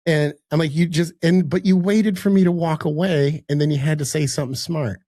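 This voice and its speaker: A man's voice: a little high, fairly even intonation, brisk, mellow, dry recording. An older man, a podcast guest, telling a story in casual chat, acting out quotes, laughing often and swearing, speaking over a video call from his home office. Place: home office in a high-rise.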